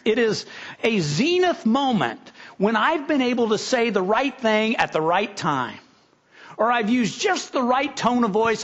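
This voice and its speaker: A man's voice: high voice, fairly bright tone. A middle-aged male pastor preaching a sermon in an earnest way, often restarting and building to emphatic peaks. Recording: slightly dull lo-fi recording.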